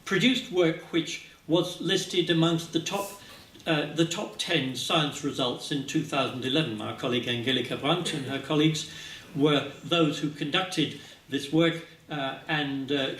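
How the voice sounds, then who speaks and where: A man giving a scientific talk at a symposium, speaking haltingly with many filler sounds, recorded from a distance in a lecture hall. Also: medium pitch, fairly bright tone, slight background noise. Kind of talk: conference presentation. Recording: echoey hall, speaker far from mic.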